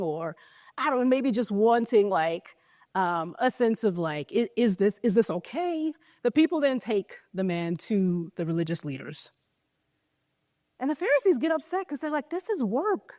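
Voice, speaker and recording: A woman's voice: a little high, a little mellow, no room sound, studio quality. A woman giving a conversational sermon, retelling a story casually with lots of filler words. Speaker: preacher. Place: church service.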